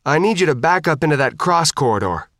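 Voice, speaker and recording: A man voicing a tough, brash thirteen-year-old girl fighter who shouts and swears. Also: fairly high pitch, animated, fairly quick, no echo, clean studio sound, pitched above the performer's own voice. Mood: commanding.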